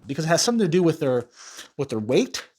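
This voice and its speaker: A man's voice: fairly high pitch, sing-song, fast talker, darkish tone, breathy edge. A man hosting a commentary video, ranting in a rambling, profane, self-interrupting way. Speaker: commentary channel host.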